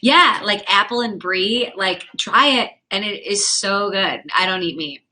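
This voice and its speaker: Bright, chatty young woman streamer. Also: mid-range voice. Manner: chatty, quick, frank and profane, reacts to chat. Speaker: livestream host and comedian. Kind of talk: casual livestream chat reading viewer comments.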